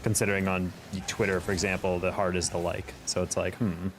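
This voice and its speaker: Low-voiced young man streaming. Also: little pitch movement, brisk, over music. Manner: chatty, reacts to gameplay and reads chat aloud. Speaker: game streamer. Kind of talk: casual live-stream chat while gaming.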